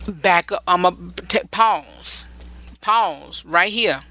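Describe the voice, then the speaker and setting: Speaking slowly in a low, sharp voice, this relationship advice host keeps things casual. She hammers points home through repetition, drifting off track and restarting sentences often. The recording is rough.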